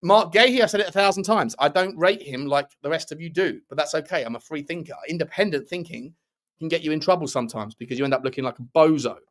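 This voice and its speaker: A man hosting a live football chat show, talking in a loose, rambling way with lots of restarts. His voice sits a little high for a man, and he answers viewers with firm opinions. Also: fast talker. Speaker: football channel host reading live chat. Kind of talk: casual live-stream chat.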